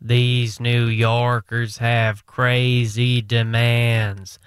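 An actor playing a stressed male beer barn worker who complains in a drawn-out way in a comedy skit. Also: mid-range voice, flat delivery, clean tone, no room sound, studio quality.

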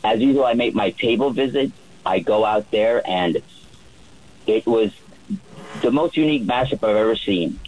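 Husky low-voiced man telling a story. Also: moderate pace, long pauses, low-quality recording. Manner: relaxed storyteller with many fillers and restarts. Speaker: yacht chef. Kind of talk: storytelling on a radio call-in.

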